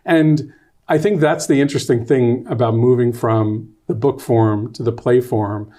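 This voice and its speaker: A man being interviewed as a guest author and playwright. He is a lively storyteller who rambles, backs up and restarts. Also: mid-range voice, measured pace. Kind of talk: casual interview.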